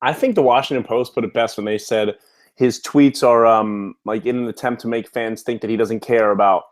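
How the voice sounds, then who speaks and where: Young male co-host, measured and explanatory, medium pitch. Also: steady tone. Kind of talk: casual sports talk.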